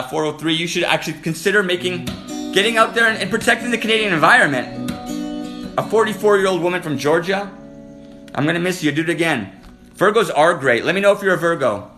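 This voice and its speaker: Flirty man hosting a live stream. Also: high voice. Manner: flirty, teasing, rapid-fire comments to viewers. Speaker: livestream host. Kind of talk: casual live-stream chat with viewers. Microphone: phone. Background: guitar music.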